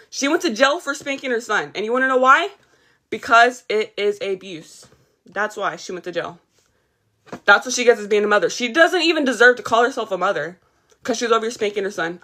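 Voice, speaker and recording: A woman's voice: a little high, pushed and bright. Heated tired woman ranting on livestream. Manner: heated, emphatic, repeats herself, greets chat. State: a little tired. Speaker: livestream host.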